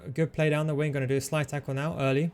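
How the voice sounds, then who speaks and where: A man hosting a gaming tutorial, talking through his moves in a relaxed, coaching way as he plays. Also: a little high, very fast, clear, resonant tone. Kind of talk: commentary over gameplay.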